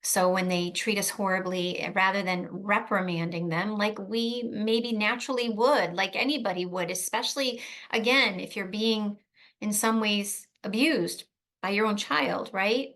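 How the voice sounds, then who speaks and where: A woman's voice: mid-range voice, unhurried, a bit bright. A woman coaching protective parents in an earnest, emphatic way. She often repeats key phrases and checks in with "right?". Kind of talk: advice talk to camera.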